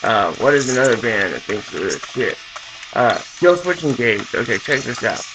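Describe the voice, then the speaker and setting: Gravelly young man ranting to camera. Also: mid-range voice, animated, moderate pace, noisy background. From Southern California. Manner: profane, rambling, full of fillers. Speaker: vlogger. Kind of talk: casual rant to camera. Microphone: camera mic.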